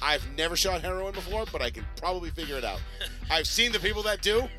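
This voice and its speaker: A man's voice: high voice, expressive, fast talker, loud music behind the voice. Joking man hosting a sports podcast. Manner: joking, loose, hypes the show. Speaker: podcast host. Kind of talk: casual sports radio chat.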